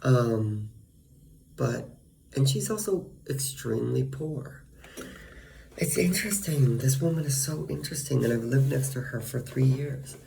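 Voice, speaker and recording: Low gravelly guy ranting and swearing, mellow tone, faint hiss behind. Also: a little slow. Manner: profane, ranting, frequent fillers. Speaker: vlogger. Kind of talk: casual venting monologue.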